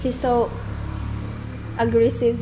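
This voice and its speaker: Woman vlogging, chatty, laughs a lot, talks slow, fairly high voice, noisy background. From Philippines. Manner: chatty, laughing often between phrases. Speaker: family vlogger. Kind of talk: casual vlog chat to camera.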